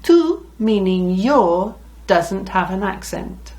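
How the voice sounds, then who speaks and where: A woman's voice: mid-range voice, expressive, slow pace, darkish tone. A middle-aged woman teaching a language lesson, patiently repeating words for learners. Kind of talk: slow, deliberate Spanish lesson.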